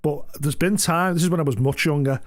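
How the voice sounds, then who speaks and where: A man's voice: fast talker, dry recording. A man chatting casually and acting out quotes as he tells work stories. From England. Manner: animated storyteller who acts out quotes in higher voices. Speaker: streamer chatting with a friend. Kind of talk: casual chat.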